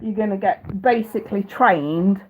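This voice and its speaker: A woman's voice: mid-range voice, measured pace, slight background noise. A British woman in her thirties, a psychic reader chatting casually on a live stream, blunt and profane and often laughing. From United Kingdom. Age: 30s. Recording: tinny phone-like audio.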